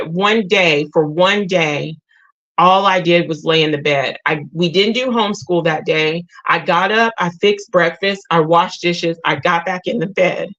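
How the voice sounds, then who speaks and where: A woman's voice: lowish voice, a bit bright. Woman hosting a live chat, telling her own story, stops and restarts a lot, kinda muffled lo-fi sound. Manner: halting, repeats and restarts phrases. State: tearful at times. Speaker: host. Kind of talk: emotional personal sharing in a live group talk.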